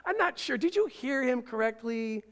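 A man's voice: extremely high pitch, sing-song, moderate pace, a bit bright, pitched above the performer's own voice, full character voice. A man voicing a sly coaxing serpent. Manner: coaxing, needling questions. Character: sly male serpent tempter sowing doubt.

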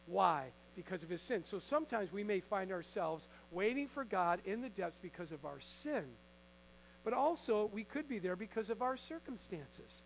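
High-voiced pastor man preaching to his church, earnest and chatty, slight hum in the background. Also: gravelly, poor audio. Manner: earnest, conversational, acts out Bible figures. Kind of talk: sermon. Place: church before a congregation.

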